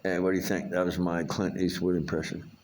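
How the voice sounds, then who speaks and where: A man's voice: low-pitched, level tone, brisk, darkish tone, a little hiss or hum. An older man talks in a rambling, profane vlog monologue, full of fillers and restarts. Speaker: vlogger.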